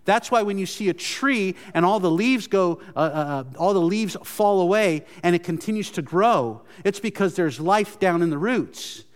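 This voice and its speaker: High-voiced man preaching in a reverberant hall. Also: lively intonation, moderate pace, hardly any pauses. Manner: earnest, repetitive restarts, emphatic. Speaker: pastor. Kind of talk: sermon.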